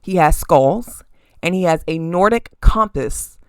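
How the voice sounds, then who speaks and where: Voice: medium pitch, animated, a little slow, smooth, no echo, studio quality. A podcast host giving blunt, casual opinion commentary to camera from a room at home, cursing freely and asking "okay?". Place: room at home with crystals and statues on display. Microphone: camera facing the host.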